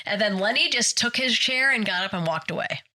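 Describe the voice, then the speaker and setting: A woman's voice: medium pitch, a little fast. A woman co-hosting a podcast, telling a story in casual chat and acting out the people she quotes. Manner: animated, acts out quoted yelling. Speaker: podcast co-host. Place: podcast studio.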